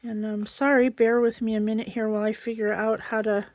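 A woman's voice: fairly high pitch, little pitch movement, brisk, darkish tone, no echo. Chatty woman gushing over a craft gift. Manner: gushing, chatty, exclaims over each item. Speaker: crafting channel host. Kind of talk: casual unboxing vlog.

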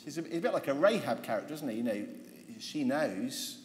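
A man teaching a Bible seminar, telling the story with lively irony and humour and acting out the characters. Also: medium pitch, a little fast. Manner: lively, humorous, ironic storytelling, acting out voices. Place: large convention hall. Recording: roomy hall reverb, faint noise.

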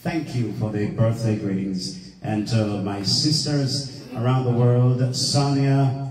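A man co-hosting a casual livestream, joking and giving relaxed shout-outs. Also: mid-range voice, takes it slowly. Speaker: co-host. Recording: distant, echoey room with long reverb.

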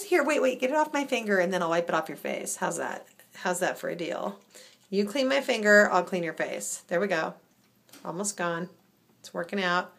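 A woman's voice: on the low side, lively intonation, moderate pace. A woman in casual talk with her pet cats, cooing at them in baby talk. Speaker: cat owner.

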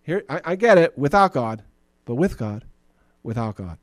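A man's voice: medium pitch, big pitch swings, moderate pace, no echo, clean studio sound. A man preaching a sermon as pastor, in a chatty, joking way, often acting out the people in his stories. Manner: conversational and joking, acts out Bible figures.

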